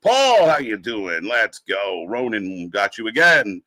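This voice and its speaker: Hosting a live wrestling watch-along, this young man speaks slowly in a lowish, sing-song voice with a sharp edge. There's no room sound as he cheerfully runs through chat names and casual hellos.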